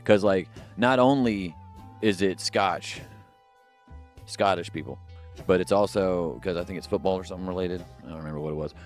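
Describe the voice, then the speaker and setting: Low-voiced male podcast co-host, loose and rambling, joking to himself, faint music underneath. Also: moderate pace. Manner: rambling, jokey, lots of fillers and asides. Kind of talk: casual solo podcast rambling. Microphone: headphones and studio mic.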